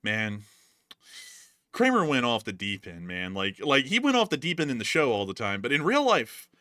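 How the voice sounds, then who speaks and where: A man hosts a casual comedy chat, rambling and joking. His voice is bright and forward, with a dry, close sound. He keeps jumping from one loose joke to the next. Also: medium pitch, big pitch swings, normal speed, no echo. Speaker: host.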